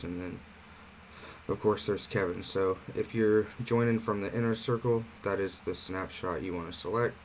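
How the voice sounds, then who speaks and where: Over a poor-quality recording marked by a bit of hiss or hum, a low-pitched man talks viewers through an online marketing platform. It's a casual screen-share tutorial delivered in an easygoing, chatty style with fillers.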